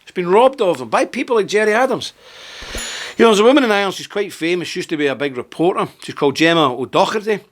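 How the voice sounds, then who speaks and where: A man's voice: high voice, animated, fast talker. Indignant man hosting a commentary show. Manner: indignant and emphatic, with rhetorical questions. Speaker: host. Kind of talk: political commentary monologue.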